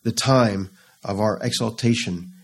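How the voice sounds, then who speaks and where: A man preaching a sermon, reading scripture slowly and rising into fervent, pleading passages. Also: on the low side. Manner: slow, rising to fervent pleading in quoted psalms.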